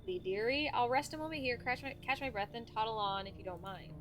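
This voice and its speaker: A woman's voice: on the high side, lively intonation, a little fast, over music, natural voice. A woman voicing a sassy old grandmother who wheedles to be let in, with folksy old-timey phrasing. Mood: wheedling.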